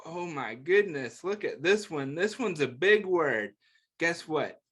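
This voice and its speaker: A man hosting a children's story time, reading a picture book aloud with a gentle, encouraging, playful manner and asking the young listeners questions. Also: a little high, big pitch swings. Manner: slow, clear, playful sing-song delivery.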